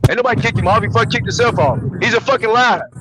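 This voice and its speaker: A man's voice: sits high, noisy background. A man co-hosting a basketball podcast, ranting angrily with constant profanity. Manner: angry, profane, fast ranting. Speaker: podcast co-host. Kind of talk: heated podcast rant.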